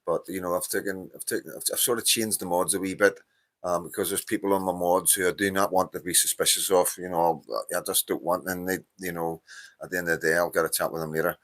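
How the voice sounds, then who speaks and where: Middle-aged Northern Irish man, deep and forceful, worn out, chatty live-stream host. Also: level tone, quick pace. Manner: rambling, frequent fillers, greets viewers by name. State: tired. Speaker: livestream host. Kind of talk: casual live-stream chat.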